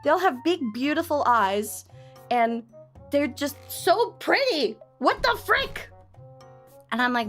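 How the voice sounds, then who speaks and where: A young woman streamer chatting casually, telling stories in an excitable, gushing way. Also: high-pitched, takes it slowly, faint music behind. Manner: excitable, gushing storyteller with lots of laughter. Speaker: VTuber streamer.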